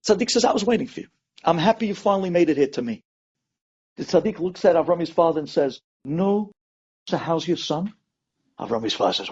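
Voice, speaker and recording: Dramatic high-voiced rabbi telling a story. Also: male voice, expressive, brisk, long pauses, husky, highs cut off. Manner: dramatic, acts out each person's pleas with big swings in pitch and loudness.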